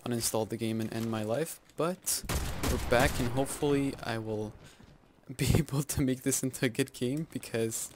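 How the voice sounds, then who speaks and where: Guy yelling at a shooter game while he talks thru it, mid pitch, gunshots going off under him. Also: moderate pace, hardly any pauses, background noise. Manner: excitable, yelps and groans at in-game deaths; self-mocking, joking asides. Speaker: video game YouTuber. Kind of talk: live gameplay commentary. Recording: loud game gunfire under the voice.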